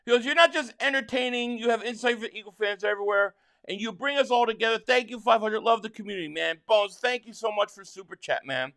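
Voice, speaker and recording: A man from Philadelphia hosting a live football watch-along, excitably calling plays and reading viewer chats, stammering on restarts. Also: high voice, fast, hardly any pauses. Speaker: livestream host and fan.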